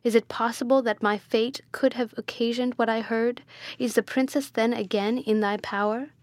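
A woman's voice: on the high side, fairly even intonation, normal speed, a little mellow, dry recording, natural voice. A woman reading as a proud young man. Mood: indignant. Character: young noble male youth, proud and indignant.

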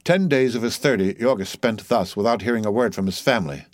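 Casting: male audiobook narrator, measured and steady, dry close recording. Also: lowish voice, dry recording.

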